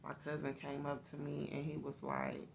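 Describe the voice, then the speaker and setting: A woman's voice: deep voice, monotone, moderate pace, gravelly, noisy background. A woman host telling her own life story to her viewers in a candid, confiding, casual way.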